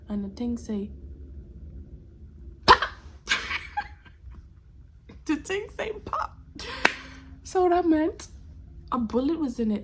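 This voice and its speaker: A woman in her twenties casually telling a personal story on her vlog, expressive and often dropping to a whisper. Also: a little high, slight background noise. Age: 20s. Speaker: storytime vlogger.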